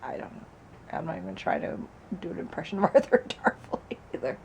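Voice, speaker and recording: A woman's voice: low-pitched, wildly swooping pitch, a little fast, gravelly, a little mellow. A woman talks to her camera at home, rambling through her week with plenty of asides. She sounds worn out and a bit sick, and a faint hiss sits under her voice. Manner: rambling, chatty, with laughs and asides. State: sick and tired. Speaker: vlogger. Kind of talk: casual chat. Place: at home by a patio door.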